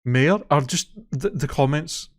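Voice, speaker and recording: On a casual podcast, a co-host with a voice on the high side and a slightly slow delivery recounts a story. The more heated he gets, the more freely he curses.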